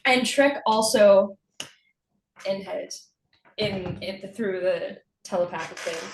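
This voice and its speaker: A woman playing a tabletop game talks in a hesitant, halting way. Her voice sits in a middle range, and her recording has a roomy echo to it. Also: medium pitch. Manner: hesitant, with frequent "um"s. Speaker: player. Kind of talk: casual tabletop play.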